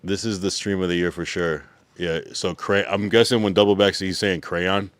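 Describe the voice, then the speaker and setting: A man with a low, deep voice, talking loosely to his chat on a livestream. He reads viewers' messages aloud and riffs on them with slang and casual swearing. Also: steady tone, moderate pace, a bit bright. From United States.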